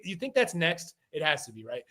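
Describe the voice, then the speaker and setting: A man's voice: on the high side, big pitch swings, brisk, sharp tone. A man co-hosting a boxing podcast over a call, joking and rambling through his opinions. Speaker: podcast co-host. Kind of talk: casual boxing podcast chat. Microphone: remote call.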